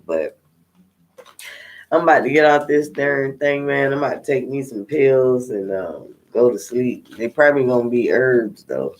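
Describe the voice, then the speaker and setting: A man's voice: medium pitch, a little slow, slight background noise. A tired man, a tarot reader, chatting to viewers in a candid, rambling way with plenty of swearing. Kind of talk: casual unscripted chat to viewers.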